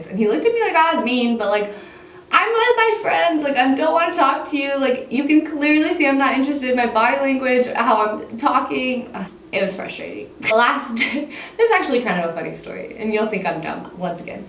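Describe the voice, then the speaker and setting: A woman's voice: a little high, expressive, moderate pace, fairly bright tone. Chatty young American woman, echoey room. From United States. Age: young adult. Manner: chatty, peppered with "like", laughing between phrases. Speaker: vlogger. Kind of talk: casual storytime monologue. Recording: echoey room, mic set far off, faint hiss.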